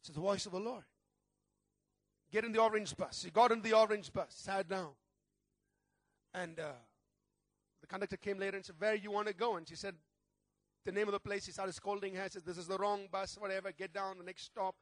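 A man with a notably high voice preaches a sermon as pastor. He tells his story earnestly and builds toward fervent prayer. The sound is dry and close, with no room echo. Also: steady tone, fairly quick.

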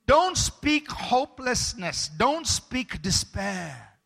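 A man's voice: very high-pitched, animated, very slow, creaky, pushed and bright. A man preaching a sermon as pastor, emphatic, stopping to ask the congregation for amens.

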